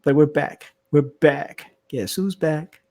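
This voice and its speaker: Brief: male live-stream host, slightly high voice, playful, reads viewer comments. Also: slow, warm tone. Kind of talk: casual live-stream chat.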